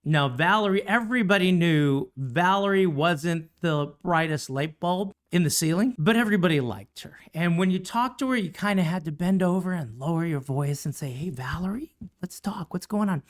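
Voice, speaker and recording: A woman's voice: fairly low pitch, lively intonation, moderate pace, hardly any pauses. A middle-aged woman, a teacher co-hosting a podcast, telling a funny classroom story in casual chat. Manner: chatty, teasing, puts on voices for quoted people.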